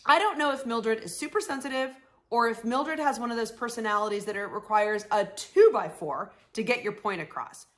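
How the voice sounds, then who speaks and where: A woman's voice: a little high, moderate pace. Coaching woman acting out sample lines. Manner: warm coaching tone, acts out sample phrases. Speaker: life coach host. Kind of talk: coaching advice to viewers.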